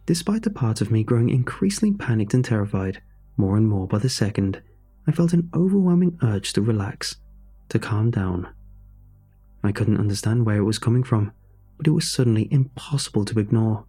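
A man narrating a horror story in a measured, suspenseful way. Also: on the low side, animated, mellow, breathy edge, faint music behind.

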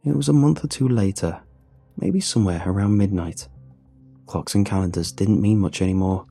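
A man giving a measured, somber first-person horror story narration. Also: sits low, gravelly, mellow, husky. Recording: faint music bed under voice.

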